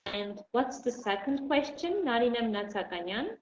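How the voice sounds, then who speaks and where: A woman's voice: a little high, very animated, measured pace. A woman teaching an English class, asking students questions and encouraging them patiently. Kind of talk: online class lesson. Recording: dull roomy recording with faint noise.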